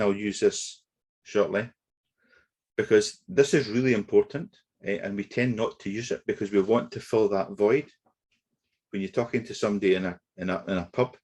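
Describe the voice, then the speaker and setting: A negotiation trainer gives a webinar lecture in a deep, husky voice, explaining things steadily. He speaks in a measured way, dropping in a filler now and then, and is picked up by a webinar computer mic.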